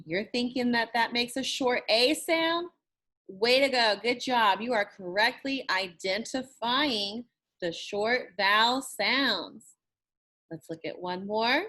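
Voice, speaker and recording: A woman teacher gives a recorded lesson, repeating words and stretching out sounds to model them, with slow, encouraging, drawn-out praise. Her fairly high voice sounds pushed and bright.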